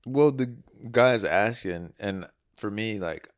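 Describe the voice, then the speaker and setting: A man's voice: lowish voice, takes it slowly, clean tone, no room sound, clean studio sound. A man co-hosting a podcast in casual chat, telling laid-back stories and swearing freely. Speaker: podcast co-host.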